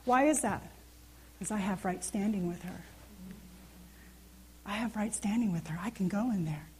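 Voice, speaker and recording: Speaking at a moderate pace in a darkish, mid-range voice, this thirtysomething woman leads a casual Bible lesson on a handheld mic with a little hiss or hum. She's earnest and chatty, frequently posing questions to those listening.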